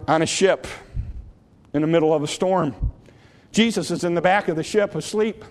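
A man preaching a sermon with impassioned, repetitive delivery that swells and then hushes. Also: a little high, big-room sound.

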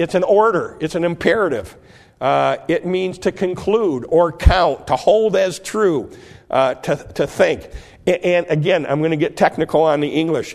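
A man preaching a sermon in a fairly high voice with a gravelly edge. He teaches earnestly from the Bible. He often stumbles and repeats words as he works toward each point. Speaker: pastor.

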